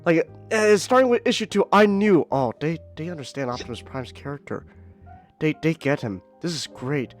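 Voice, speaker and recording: A podcast host in casual, rambling comic-review chat, animated and swearing freely, leaning on filler words. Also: mid-range voice, normal speed, soft background music.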